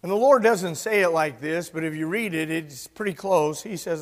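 High-voiced preacher in his sixties. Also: normal speed. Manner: emphatic preaching, loud and soft by turns. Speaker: pastor. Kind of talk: sermon. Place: church sanctuary. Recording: long church reverb.

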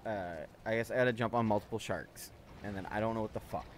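Low-voiced guy doing let's play commentary, swearing a lot and grumbling at the game. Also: fast talker, slight background noise. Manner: frustrated, heavy swearing, talking to himself. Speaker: gaming channel host.

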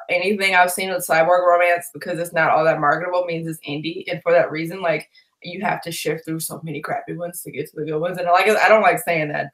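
A woman's voice: lowish voice, low-quality recording. A woman hosting a book club chat, ranting loosely and swearing often. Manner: ranting, profane, animated storytelling. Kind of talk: casual chat.

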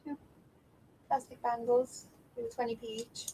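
A woman's voice: on the high side, little pitch movement, normal speed, dark tone, husky, low-quality recording. A woman co-hosting a casual live stream, showing what she bought in a dry, jokey way. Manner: dry and jokey, lists items plainly. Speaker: livestream co-host showing purchases. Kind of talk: casual chat.

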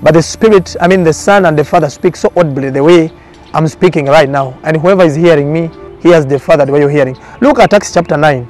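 A fast-talking prophet with a slightly higher voice shares his testimony for a documentary interview, earnest and repetitive in a preaching cadence, while soft music plays faintly underneath.

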